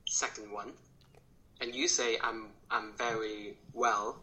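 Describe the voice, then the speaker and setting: A man teaching Cantonese who says each phrase slowly and carefully, then repeats it. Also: on the low side, level tone, bright, forceful tone, low-quality recording. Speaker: Cantonese tutor. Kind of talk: language lesson.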